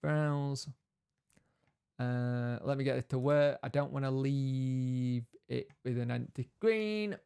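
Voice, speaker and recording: Chatty stream host. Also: male voice, medium pitch, takes it slowly, gravelly, dark tone, smooth. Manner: chatty, greets viewers by name, reads out news. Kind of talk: casual live stream chat.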